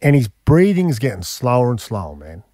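Australian male radio host, 40s, animated storyteller, dry close sound. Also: mid-range voice, brisk, no room sound. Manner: animated, emphatic, frequent "man" and "mate" fillers. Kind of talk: casual storytelling chat.

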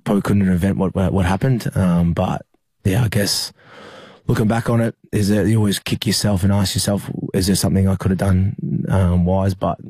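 A young Australian man speaks in a very low, dark voice. He keeps a flat, even delivery and often stops to restart his sentences with fillers. The sound is dry and close. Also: slightly rough, dry recording. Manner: halting, many fillers and restarts. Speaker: rugby league player. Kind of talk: emotional interview recollection.

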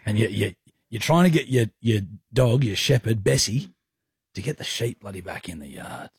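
A man's voice: fairly low pitch, expressive, moderate pace, slightly rough, dry recording. A man co-hosting a radio show, teasing his co-host in casual banter and laughing often, in a studio.

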